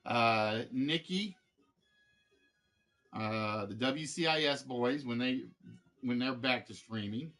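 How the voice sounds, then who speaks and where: A man's voice: medium pitch, takes it slowly, long pauses, a bit bright, soft background music. A man hosting a live game show stream, chatting casually with viewers in a rambling way, full of fillers and restarts.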